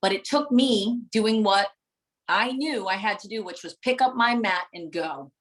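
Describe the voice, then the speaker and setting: A woman's voice: medium pitch, unhurried, rough recording. A middle-aged woman giving a live motivational talk to viewers, passionate and preacher-like, driving points home with emphatic repetition. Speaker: motivational speaker and coach.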